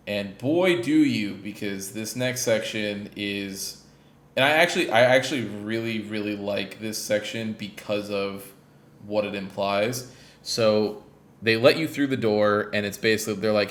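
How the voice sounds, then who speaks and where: This gaming podcast host has a lowish voice, a steady tone, and a moderate pace. He goes over a game in a loose, rambling way with plenty of fillers and restarts, recorded in a roomy space with noticeable echo.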